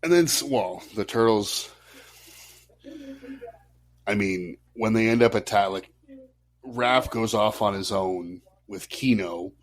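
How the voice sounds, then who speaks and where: A man co-hosting a casual podcast chat, animated and laughing as he retells film scenes. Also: on the low side, slow, long pauses. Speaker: podcast co-host.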